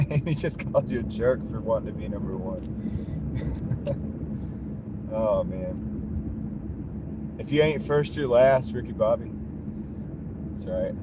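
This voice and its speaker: A livestreaming delivery driver talks slowly in a lowish voice while driving his car. Chuckling, he reads and reacts to viewer comments in a casual chat, recorded on a wireless clip-on mini mic with road noise in the background.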